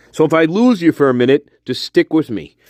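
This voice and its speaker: A man's voice: on the high side, expressive, normal speed, a little mellow, no echo. Angry, profane man ranting on a livestream. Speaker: livestream host. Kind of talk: livestream rant. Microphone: phone.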